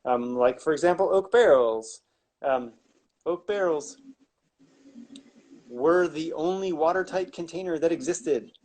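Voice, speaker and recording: A man's voice: fairly high pitch, measured pace, long pauses, a little mellow. A man, a winemaker, explaining wine making in a casual, rambling way with wry asides and many restarts.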